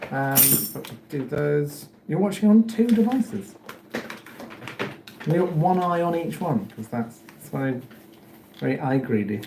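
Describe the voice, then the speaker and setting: Against a noisy background, an English-accented man with a voice on the high side talks casually to people watching his livestream. Recorded in an echoey room at home, he rambles, makes self-deprecating remarks, tells a story and tinkers with his setup.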